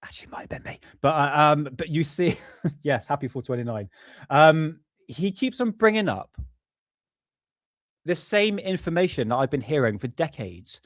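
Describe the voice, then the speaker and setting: A man's voice: fairly high pitch, animated, normal speed, dry recording, studio quality. A man casually hosting a live stream, rambling, apologizing often and swearing offhandedly. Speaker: livestream host.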